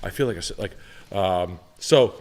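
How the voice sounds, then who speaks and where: A man telling crude stories on a casual podcast, rambling and profane, who keeps jumping into loud, high-pitched impressions. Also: moderate pace. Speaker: podcast co-host; former car salesman.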